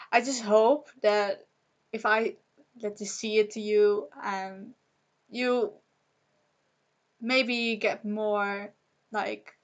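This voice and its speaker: A young woman whose first language is Dutch, talking on a personal vlog in a halting, emotional way, with nervous laughs and many fillers. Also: medium pitch, fairly bright tone. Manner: angry and shaken. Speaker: vlogger.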